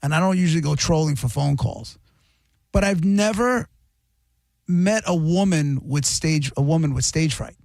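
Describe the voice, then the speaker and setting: A man's voice: a little high, moderate pace, vocal fry, a little mellow, no room sound, studio quality. A man hosting a radio show, trading teasing, wry remarks in casual banter. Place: radio studio. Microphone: studio microphone.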